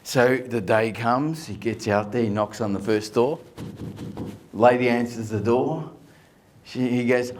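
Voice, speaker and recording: A man's voice: mid-range voice, a little slow, darkish tone. A man, a guest comedian telling a long joke in a chatty way. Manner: chatty storytelling.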